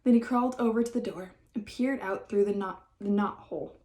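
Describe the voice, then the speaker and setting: A woman reads a children's chapter book aloud with lively, expressive storytelling. Her voice sits mid-range for a woman, and the room gives it a noticeable echo. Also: mid-range voice, moderate pace. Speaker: audiobook reader. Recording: roomy echo.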